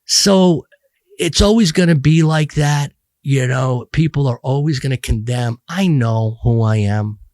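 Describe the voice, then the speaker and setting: A man's voice: medium pitch, a little slow, darkish tone, no room sound, clean studio sound. A middle-aged man talking bluntly and profanely as a podcast guest, rambling with many restarts. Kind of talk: casual podcast conversation.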